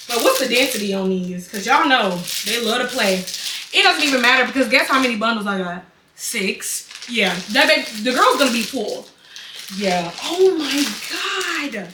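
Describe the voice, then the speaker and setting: A young woman talks through a shopping haul with big dramatic reactions, her voice sitting a bit high. She is recorded a little away from the mic in an echoey room, with steady noise in the background. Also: normal speed. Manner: dramatic, excitable, chatty. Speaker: vlogger. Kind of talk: casual haul vlog.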